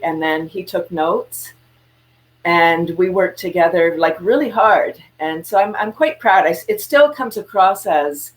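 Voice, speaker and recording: A woman's voice: lowish voice, a little slow. A woman, a guest entrepreneur talking over a video call, telling stories animatedly and acting out quotes. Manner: animated storyteller, acts out quotes with laughs. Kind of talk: casual interview chat.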